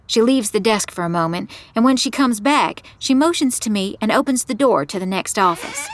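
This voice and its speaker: A woman giving first-person scripted narration of an audio drama in a measured storytelling manner. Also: on the high side, expressive, a little hiss or hum.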